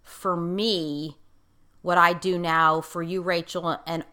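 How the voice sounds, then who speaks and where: A woman's voice: lowish voice, level tone, slow, sharp tone, smooth. A woman life coach in casual conversation, speaking emphatically and repeating key phrases for stress. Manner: self-described outspoken, in-your-face talker.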